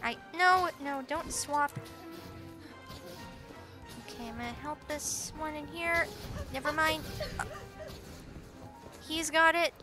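A woman casually commenting while she plays a game, chatty and excitable, often giggling. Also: high voice, slow pace, long pauses. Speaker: gameplay channel host. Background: game music.

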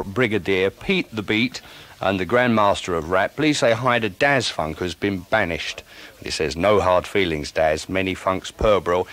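A man's voice: lowish voice, fairly bright tone. A man hosting a radio show, interviewing a guest and reading out listener dedications in a chatty, jokey way.

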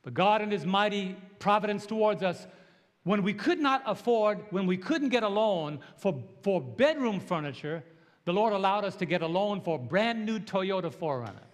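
High-voiced man in his sixties preaching. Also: normal speed. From New York. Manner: animated storytelling with call-and-response. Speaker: pastor. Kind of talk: preached sermon. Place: church sanctuary. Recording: long church hall reverb.

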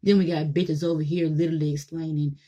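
A woman's voice: low-pitched, level tone, fast talker, warm tone. Blunt, profane woman vlogger ranting. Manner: blunt, profane, mocking voices she imitates. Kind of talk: opinionated monologue to camera.

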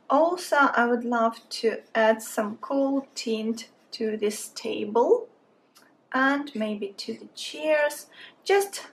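Slow-talking Russian woman teaching sketching. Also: on the high side, fairly bright tone, slight background noise. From Russia, Saint Petersburg. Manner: chatty, friendly, thinking aloud while drawing. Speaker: art instructor. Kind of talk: drawing tutorial narration.

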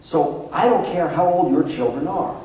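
A man's voice: a little high, normal speed, dark tone. A man, a psychologist, giving a talk to parents, telling anecdotes and acting out the quotes in them. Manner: anecdotal storytelling, acts out quotes. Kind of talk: public talk to an audience. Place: school hall. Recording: echoey hall, voice from far off.

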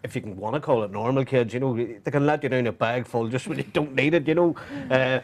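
A man hosts a relaxed live chat. He rambles a little and fills his talk with "you know" asides. His pitch sits in the middle for a man. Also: quick pace, crowd noise. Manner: chatty, lots of "you know", warm asides. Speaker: radio show host. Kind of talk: casual chat on a sofa.

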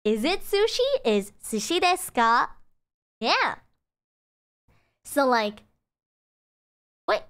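A young woman with a high, light voice gives a relaxed livestream lesson. She chats freely and giggles between her examples, with plenty of casual fillers. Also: takes it slowly, pauses often. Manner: chatty and giggly, frequent fillers. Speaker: streamer teaching Japanese.

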